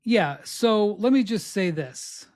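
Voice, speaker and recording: A man hosting a podcast remotely from abroad, telling a story in a casual, animated way and acting out what others said. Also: high voice, slow pace. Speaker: podcast host.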